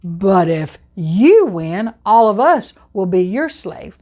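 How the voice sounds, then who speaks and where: A woman's voice: medium pitch, big pitch swings, slow, mellow, pitched below the performer's own voice. A woman doing a mean bullying giant. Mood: taunting. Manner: taunting, mocking.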